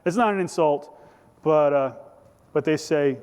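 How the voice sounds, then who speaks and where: A man's voice: fairly high pitch, animated, normal speed, darkish tone. A man preaching a conversational, jokey sermon as pastor, acting out voices from the scripture. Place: church sanctuary. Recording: church hall reverb.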